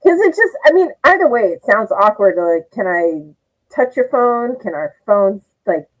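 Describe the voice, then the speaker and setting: A woman's voice: mid-range voice, very animated, normal speed, low-quality recording. A middle-aged woman comedian telling rambling funny stories, laughing often and acting out what others said. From Japanese heritage. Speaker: comedian guest. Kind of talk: casual comedic storytelling.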